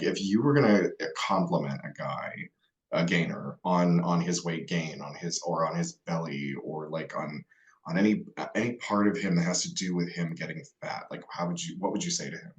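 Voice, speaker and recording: Deep-voiced podcast host, roomy sound. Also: male voice. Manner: rambling, easygoing questions. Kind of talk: casual interview.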